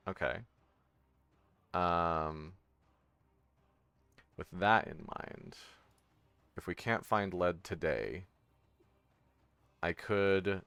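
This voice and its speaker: Deep-voiced man, rambling tabletop player. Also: a bit bright, no echo. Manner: rambling, eager asides, reads text aloud. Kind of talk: casual tabletop game chat.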